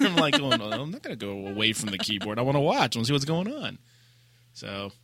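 A man co-hosting a casual gaming podcast, telling a raid story with lively acted-out quotes and laughter. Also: mid-range voice, a little fast, slight background noise. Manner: animated storyteller, acts out quotes. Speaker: podcast co-host.

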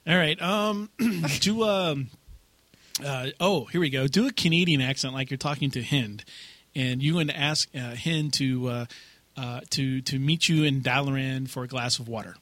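A man's voice: mid-range voice, normal speed, a bit bright, dry recording. A man hosting a podcast, chatting casually and teasing his co-host, laughing often. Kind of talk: casual chat.

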